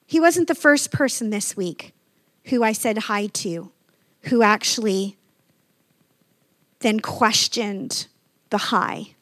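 A woman's voice: mid-range voice, slow, long pauses, fairly bright tone, no echo. Woman pastor preaching in a dry sound. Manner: conversational storytelling, building to emphatic scripture reading. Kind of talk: sermon.

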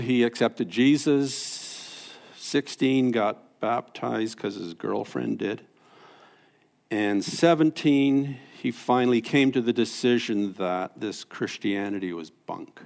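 A man preaching a sermon, telling stories that swing from loud and high to hushed and low. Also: creaky. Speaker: pastor. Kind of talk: sermon storytelling.

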